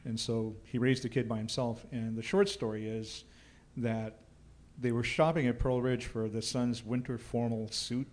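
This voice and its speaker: A man, a ghost tour guide telling stories in a relaxed way with dry humor and plenty of fillers. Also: medium pitch, moderate pace, hardly any pauses. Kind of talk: casual storytelling chat.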